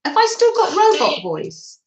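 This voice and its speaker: Woman, craft stream host, giggly and chatty, lively sing-song delivery, phone mic in an echoey room. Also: very high voice, unhurried, highs cut off, a crowd in the background. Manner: chatty, giggly, reads out viewer comments. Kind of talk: casual live chat with viewers.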